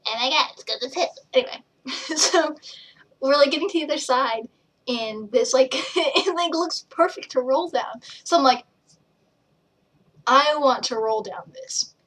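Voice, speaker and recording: A woman's voice: high voice, a little slow, a bit bright. A young woman chatting casually to camera, rambling from one tangent to the next and acting out what people said. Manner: rambling, jumps between tangents, acts out quotes. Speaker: vlogger and page admin. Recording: voice a bit distant from the mic.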